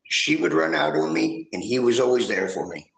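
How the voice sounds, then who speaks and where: A man's voice: medium pitch, expressive, normal speed, creaky, roomy sound, rough recording. A man telling rambling, profane stories in casual chat.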